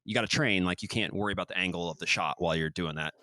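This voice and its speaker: There's no room sound as this podcast host, his voice sitting low, speaks very fast. He rambles casually and energetically, often playing out quotations.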